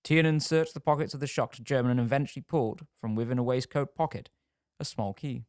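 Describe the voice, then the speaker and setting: A man reading a scripted true-crime story in a measured storytelling manner. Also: medium pitch, darkish tone, dry recording, studio quality. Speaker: narrator.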